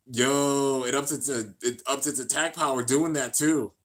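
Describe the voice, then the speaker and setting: A man of ordinary pitch reacts to an anime with casual, slangy commentary. He talks the action through at a steady clip and bursts into loud, excited shouts when the battle peaks. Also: moderate pace. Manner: hyped, shouts at big moments, slangy.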